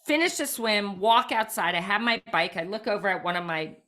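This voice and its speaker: Bright-voiced woman telling a story. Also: medium pitch, brisk. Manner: frequent "like" fillers, lively retelling. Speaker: podcast guest. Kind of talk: animated personal storytelling.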